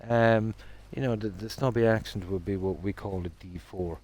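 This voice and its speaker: A middle-aged Irish man with a Midlands accent chats with his stream viewers in a somewhat low voice. He rambles along in a relaxed, easygoing way and pokes fun at himself. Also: normal speed. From Ireland. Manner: relaxed, rambling, self-deprecating. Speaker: game streamer. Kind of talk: casual chat with stream viewers.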